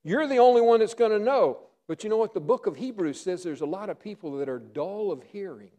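Earnest high-voiced preacher man. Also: animated, brisk. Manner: earnest, dropping to hushed tones for emphasis. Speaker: pastor. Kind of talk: sermon.

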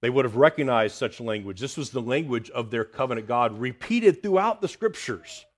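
A man preaching a sermon, reading scripture aloud and dropping quiet and low for the words of God. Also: animated, moderate pace. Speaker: pastor.

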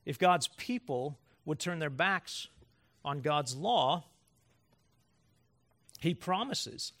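A man's voice: on the high side, lively intonation, extremely slow, long pauses, fairly bright tone. A man preaching a sermon as pastor to his congregation, emphatic and building through rhetorical questions.

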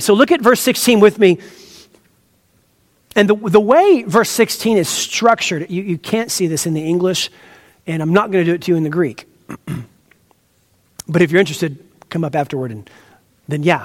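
A man with a high voice preaches an earnest, teacherly sermon. He leans on key words for emphasis and breaks off for asides to his listeners. His voice rings out with a long reverb, as in a church sanctuary. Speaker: pastor. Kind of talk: expository sermon.

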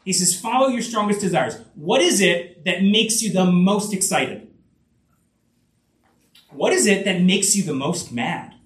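A man preaches a sermon with a high, animated voice that rises and falls widely. He leans on repetition and emphasis, often restarting phrases with fillers. The sound is roomy and caught from some distance away. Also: unhurried. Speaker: pastor.

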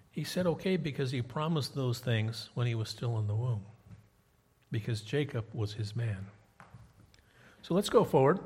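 A man's voice: a little high, breathy edge, long reverb tail. A man preaching a sermon, retelling scripture in a conversational storytelling way and putting questions to the congregation.

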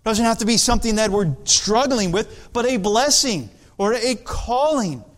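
A man preaching an expository sermon as pastor, slow and deliberate, building to emphatic passages. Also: high-pitched, animated, a bit bright.

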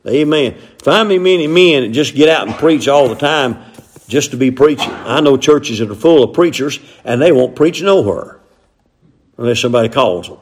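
A man's voice: medium pitch, lively intonation, normal speed. An older man, preaching a sermon in a folksy way with frequent amens. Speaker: pastor.

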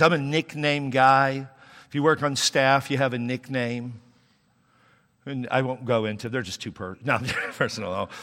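A man's voice: mid-range voice, fairly bright tone. Man preaching in a reverberant hall. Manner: conversational preaching with humor and sudden emphatic rises. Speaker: pastor. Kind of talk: sermon.

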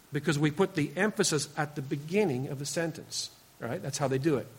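A man delivers a sermon in a high, ringing voice. He is earnest and emphatic, often drops into a hushed, lower tone, and speaks to his listeners directly, even calling them out by name. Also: breathy edge. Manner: earnest, emphatic preaching with frequent drops to a quiet, low voice; speaks directly to the congregation, teasing members by name. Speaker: pastor.

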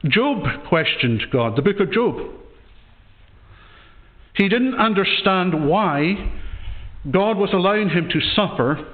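A man delivers a sermon in a church, earnest and questioning, often restarting his phrases. His voice sits a little high. The sound is thin and tinny, like it came over a phone line. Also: animated, slow, pauses often. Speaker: pastor.

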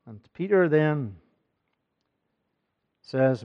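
A man's voice: mid-range voice, a little slow, highs cut off. A man preaching a sermon in a church, earnest and building in force, often repeating his phrases. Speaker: pastor.

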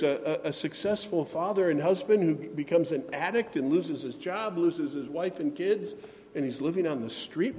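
A man's voice: on the high side, normal speed, a little mellow. A man preaching from the pulpit with a slightly raised voice, his words carrying with a long reverb through a church hall. He talks in an earnest, emphatic way, slipping in sighs and self-deprecating asides. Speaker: pastor. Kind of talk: sermon.

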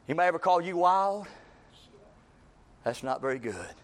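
A man preaching a fiery church sermon, swinging from shouted lines to low, intense passages with repeated emphasis. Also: lively intonation. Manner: repetitive, drawn-out emphasis.

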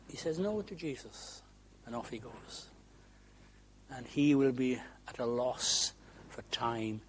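A man preaching a sermon, earnest and imploring, moving between hushed soft passages and loud, fervent appeals. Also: medium pitch, breathy edge.

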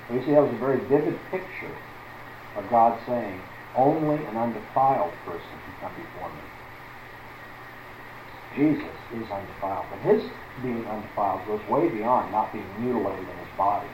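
A man's voice: on the low side, moderate pace. Man, preacher, expository Bible teaching, emphatic, roomy echo, faint noise. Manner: emphatic, stresses words one by one, asks the audience questions.

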